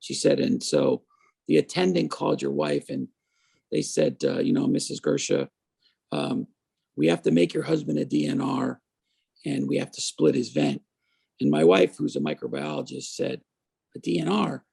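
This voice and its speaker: A man in his fifties, a guest on an interview show, telling his story in a lively way and acting out the voices of people he quotes. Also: mid-range voice, moderate pace, vocal fry, husky. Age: 50s.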